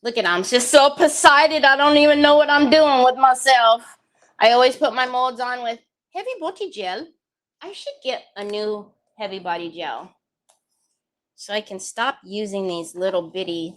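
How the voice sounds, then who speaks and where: A woman hosting a casual crafting livestream, chatty and excitable, thinking aloud as she works and tossing in playful made-up phrases. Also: a little high.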